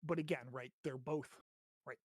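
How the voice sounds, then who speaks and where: A man's voice: mid-range voice, fairly even intonation, normal speed, a little hiss or hum. Chatty American man explaining grammar. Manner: chatty and explanatory, with frequent "right?" checks and some swearing. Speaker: host teaching grammar. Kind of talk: casual spoken grammar lesson.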